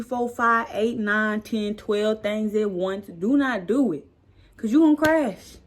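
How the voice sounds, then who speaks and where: A young woman vlogger telling a story casually, animated and acting out the dialogue. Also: mid-range voice, takes it slowly.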